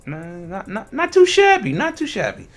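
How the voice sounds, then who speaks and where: Lively, bright-voiced male livestream host. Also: high-pitched, moderate pace, soft background music. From Ohio. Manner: animated, laughing, talks to chat. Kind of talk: casual livestream chat.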